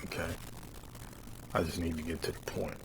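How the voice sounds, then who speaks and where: Gravelly low-voiced man, animated commentary. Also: background noise. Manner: reads quotes slowly, then rises into heated mocking rants; drawls "man" at phrase ends. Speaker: religious commentator. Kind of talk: casual commentary reading from a website.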